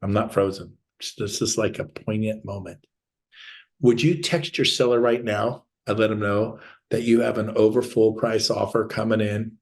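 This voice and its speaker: A man giving a sales training talk as a real estate coach, telling stories with energy and acting out phone calls. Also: on the low side.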